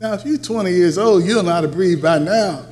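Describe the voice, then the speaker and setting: A man preaching a sermon, building to emphatic peaks and then dropping low and quiet, often repeating words and restarting phrases. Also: fairly quick. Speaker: pastor.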